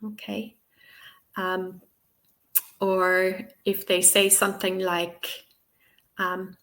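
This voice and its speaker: A woman's voice: medium pitch, little pitch movement, very slow, pauses often, fairly bright tone. Chatty woman teacher on a webinar. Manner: chatty and encouraging, many ums and okays. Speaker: TEFL trainer answering webinar questions. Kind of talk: live webinar Q&A. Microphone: webcam on video call.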